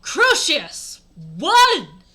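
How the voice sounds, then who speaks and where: A woman voicing a melodramatic teenage goth witch girl in shrill, over-the-top shouts and gasps. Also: very animated, normal speed, exaggerated voice. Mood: shrieking.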